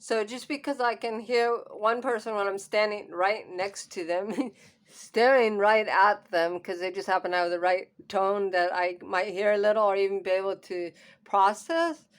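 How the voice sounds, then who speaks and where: A woman's voice: medium pitch, fairly even intonation, moderate pace. Hard-of-hearing woman vlogger, upset, near tears, nervous laughter, camera mic at home. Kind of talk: emotional personal vlog.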